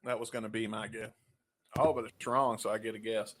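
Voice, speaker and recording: A man co-hosting a casual podcast and reading quiz questions, loud and crude with lots of joking. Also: lowish voice, level tone, brisk, noisy background. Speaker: podcast co-host.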